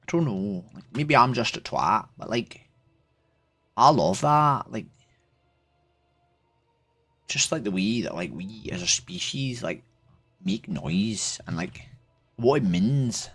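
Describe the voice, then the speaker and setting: A man's voice: fairly low pitch, lively intonation, takes it slowly, vocal fry, long pauses, a bit bright, breathy edge, soft background music. A man with an Irish accent, casually chatting with strangers on a livestream, rambling with lots of filler words and swearing. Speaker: streamer.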